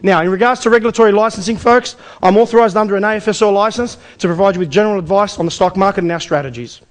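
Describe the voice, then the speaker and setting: Man, Australian accent, seminar presenter, rapid talker, high voice, energetic, rhetorical questions to audience. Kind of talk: live investment seminar pitch. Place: in front of a live audience.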